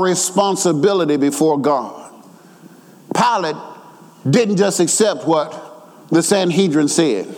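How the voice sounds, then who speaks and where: A man preaching a sermon who swings from quick asides to shouted, half-sung emphasis and repeats his words. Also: on the high side, long reverb tail.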